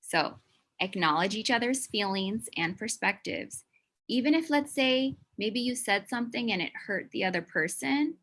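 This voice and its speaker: A woman's voice: medium pitch, lively intonation, normal speed, a bit bright. A woman giving a conversational educational talk to an online audience, earnest and emphatic, with frequent casual fillers. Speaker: presenter of a mental health talk.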